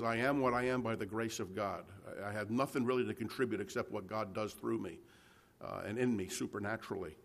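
A man preaching a conversational sermon, reading scripture aloud and explaining it to a live congregation. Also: on the low side. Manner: conversational Bible teaching, frequent restarts and "right?" checks.

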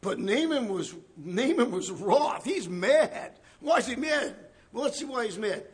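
A man preaching a conversational Bible study, animated and chuckling, often checking in with the listeners. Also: extremely high pitch, a little slow. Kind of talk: conversational sermon.

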